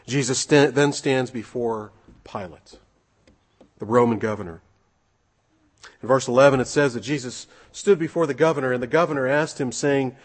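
A man's voice: medium pitch, husky. A man preaching an earnest sermon, reading scripture and asking rhetorical questions.

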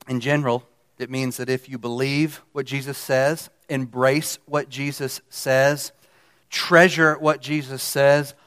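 A man preaching a sermon, pressing key phrases with emphasis and letting his voice drop low at the ends of lines. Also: a bit bright, smooth.

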